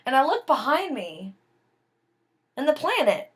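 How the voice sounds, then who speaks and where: A woman telling her own life story in a casual, dramatic way, slow and deliberate, dropping to a hush at tense moments. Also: high voice, big pitch swings.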